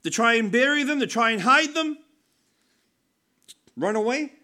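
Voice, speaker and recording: A man's voice: very high voice, expressive, unhurried, pushed and bright. A man preaching a conversational sermon, earnest and emphatic, often restarting his sentences.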